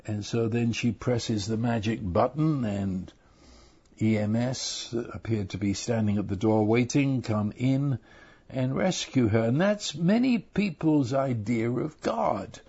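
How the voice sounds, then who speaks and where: An older man preaching a sermon, earnest and halting, often repeating his words as he goes. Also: mid-range voice, creaky, warm tone, husky. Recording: dull lo-fi recording.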